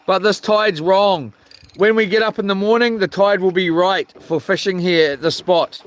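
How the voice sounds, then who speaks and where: A man's voice: sits high, a bit bright, slight background noise. A man chatting casually on a live fishing stream outdoors by the sea, rambling and swearing lightly as he greets viewers by name. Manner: laid-back, rambling, reads viewer names aloud, swears casually. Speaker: fishing livestreamer.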